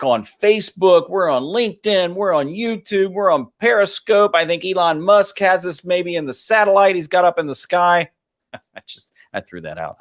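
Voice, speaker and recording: Male live stream host, casual and upbeat, lively pitch, talking from a home studio. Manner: upbeat, chatty, reads out viewer comments. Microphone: home office studio mic.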